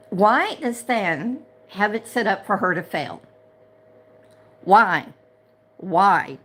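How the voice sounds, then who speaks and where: A woman's voice: fairly low pitch, very animated, slow, pauses often, fairly bright tone, slightly rough. A middle-aged woman, hosting a casual livestream chat, talking in a chatty, indignant way and repeating herself when worked up. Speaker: livestream host and chat moderator.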